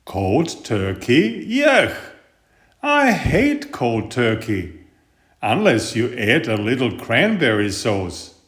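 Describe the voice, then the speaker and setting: A man's voice: mid-range voice, huge pitch swings, slow, a bit bright, heavily acted. A man putting on a greedy, whining talking sweet tooth. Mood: demanding. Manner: pushy, whiny, demanding. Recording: roomy echo.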